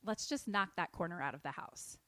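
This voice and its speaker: A woman's voice: fairly low pitch, animated, a little fast, a bit bright, no echo. A young woman co-hosting a podcast, casually retelling a film in a chatty way, with lots of fillers. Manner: chatty, with frequent "like" fillers and swearing. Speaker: podcast co-host.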